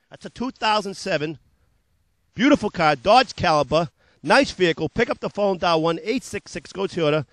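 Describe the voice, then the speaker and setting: A man hosting a local TV car sales show, pitching cars in upbeat, repetitive patter and joking about his own slips of the tongue. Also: fairly bright tone, no echo.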